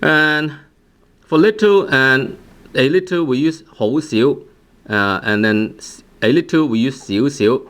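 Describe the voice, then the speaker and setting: A man gives a patient language lesson at a middling pitch. He talks haltingly, with plenty of fillers. He repeats each word several times for the learner. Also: a bit bright. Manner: hesitant, many fillers and repeated drilled words. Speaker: language teacher.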